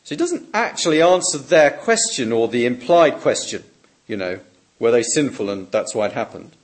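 In a sermon, a medium-pitched man speaks with big swings in pitch, measured and emphatic. He goes up on questions and sinks softly on key words.

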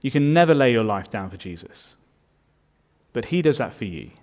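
A man's voice: mid-range voice, very animated, moderate pace, darkish tone. A man preaching a sermon as pastor, earnest and building in volume on his key points.

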